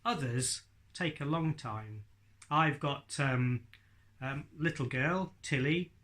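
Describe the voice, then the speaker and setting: A man's voice: medium pitch, slow, a bit bright. A man teaching ventriloquism in a chatty, light-hearted way. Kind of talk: instructional talk to camera.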